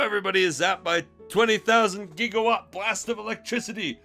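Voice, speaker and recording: A man's voice: high-pitched, brisk, hardly any pauses, bright, forceful tone, faint music behind. A man streamer giving a comedic dramatic reading of fanfiction with laughing asides.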